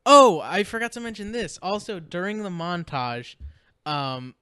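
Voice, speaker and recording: Smooth-voiced man mocking a bad movie. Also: sits high, expressive, measured pace, bright, forceful tone, no room sound, studio quality. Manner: rambling, laughs often, mocking quotes. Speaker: podcast co-host. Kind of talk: casual movie recap chat.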